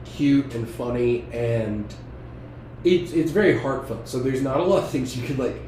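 A man's voice: mid-range voice, moderate pace, dark tone, a little hiss or hum. Rambling man, roomy distant sound. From New England. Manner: rambling, laughing, crude jokes. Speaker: podcast guest. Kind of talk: casual podcast chat. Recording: roomy, distant mic, faint ambience.

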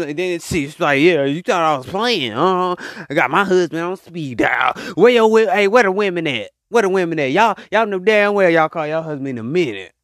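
A man hosting a solo podcast, talking in an animated, preachy way and calling out to his listeners. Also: high voice, no room sound, studio quality. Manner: animated, preachy, call-and-response asides to listeners. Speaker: podcast host. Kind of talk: casual solo podcast monologue.

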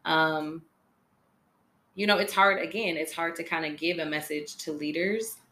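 Earnest low-voiced woman podcast host. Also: fairly bright tone, roomy sound, slight background noise. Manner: earnest, many fillers like "um" and "like". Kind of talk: casual podcast chat.

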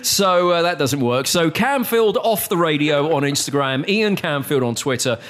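A British man co-hosting a podcast, telling stories in animated, self-mocking bursts. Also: on the high side, moderate pace. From Britain. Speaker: podcast co-host. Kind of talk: casual podcast chat.

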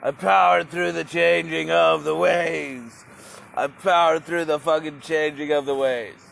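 Man, slightly high pitch, gravelly, rambling, profane, repetitive vlog monologue. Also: fairly even intonation, unhurried, a bit bright, slight background noise. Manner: rambling, profane, repeats phrases.

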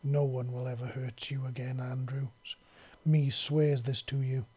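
A man voicing a huge, tender female beast-woman who speaks softly in broken grammar. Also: medium pitch, level tone, a little slow, breathy edge. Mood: protective. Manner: soft-spoken, broken grammar.

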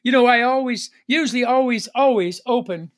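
A pastor from a Northern Arizona church ministry delivers a broadcast sermon in a mid-range voice at a slightly fast clip. He keeps repeating refrains and calls for an amen.

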